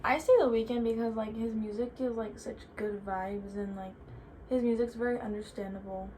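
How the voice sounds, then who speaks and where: A fairly high-pitched young woman chats loosely through viewer questions, dropping "like" into nearly every sentence. A faint hum of room noise sits behind her. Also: steady tone, normal speed, warm tone. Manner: chatty, filler-heavy with frequent "like". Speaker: vlogger answering viewer questions. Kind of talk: casual chat.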